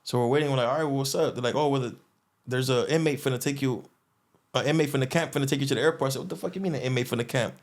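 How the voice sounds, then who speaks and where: Guest storyteller, male, mid pitch, loose slangy delivery with lots of fillers. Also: rapid-fire. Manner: animated, acts out others' lines, slangy, frequent restarts and fillers. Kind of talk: casual storytelling.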